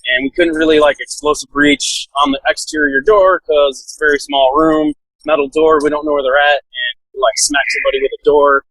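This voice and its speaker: A relaxed man with a drawl tells a long story the casual way, leaning on fillers and chuckling as he goes. His voice sits a bit high for a man. The sound is dry and close. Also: fairly quick, hardly any pauses, dry recording, poor audio. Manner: laid-back, lots of "like" fillers, laughs while telling. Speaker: podcast guest, SWAT officer.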